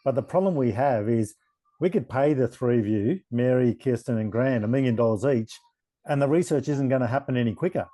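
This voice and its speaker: A man moderating a panel discussion, explaining research limits in a measured way. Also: mid-range voice, mellow, no echo. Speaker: moderator and CEO.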